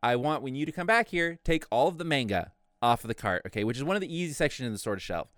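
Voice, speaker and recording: A man's voice: medium pitch, fast talker, dry recording, clean studio sound. A young man telling a work story in casual chat, swearing freely and acting out what others said. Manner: animated, profane, acts out quotes.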